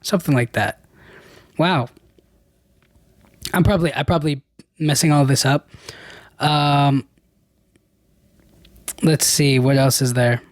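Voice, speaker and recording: A man with a slightly high voice hosts a solo podcast, talking loosely and rambling, often restarting his sentences and dropping casual slang. The sound is close and dry, with no room around it. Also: fairly even intonation, takes it slowly, long pauses, dry recording. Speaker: podcast host.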